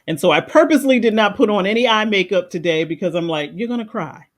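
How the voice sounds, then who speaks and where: A woman's voice: medium pitch, expressive, fast talker. A woman life coach on a livestream, talking in an earnest, reflective and emotional way. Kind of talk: livestream meditation talk. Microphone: livestream microphone.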